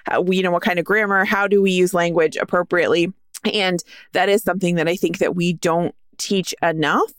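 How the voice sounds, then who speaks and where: A middle-aged speaker in a casual podcast discussion, with a voice in the middle of the usual pitch range. They talk in a thoughtful, agreeable way and build points from their own experience. The recording is dry and close. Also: fairly even intonation, brisk, fairly bright tone, smooth, dry recording. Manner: thoughtful, agreeable, explains with examples.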